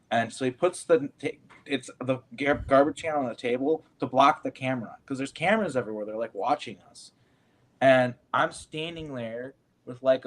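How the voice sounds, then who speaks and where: A man in a casual round-table chat, rambling and earnest, with many fillers. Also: mid-range voice. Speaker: guest.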